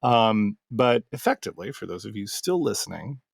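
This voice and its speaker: A man's voice: fairly low pitch, big pitch swings, moderate pace, vocal fry, breathy edge, dry recording, clean studio sound. A man who hosts a podcast and runs tabletop games, telling a session story in a rambling, casual way. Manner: rambling, full of fillers and restarts. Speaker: game master and podcast host.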